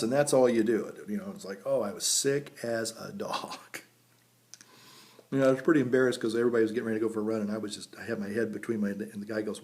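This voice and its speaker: A man's voice: on the low side, quick pace, darkish tone. A man, a priest telling rambling folksy stories in a casual vlog, recorded outdoors by a vineyard. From United States. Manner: folksy and rambling, chuckles at his own stories. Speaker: priest and pipe vlogger.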